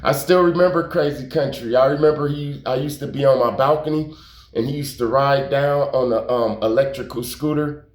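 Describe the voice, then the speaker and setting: A man with a mid-range voice and moderate pace tells a story on YouTube in a casual, rambling manner. He repeats himself and uses slang, cursing for emphasis. The room gives the recording a noticeable echo.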